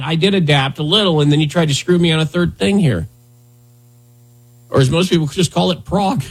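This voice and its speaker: A podcast host in his thirties, with a fairly high and slightly rough voice, chats casually and comedically. He's sarcastic and rambling, full of jokey asides.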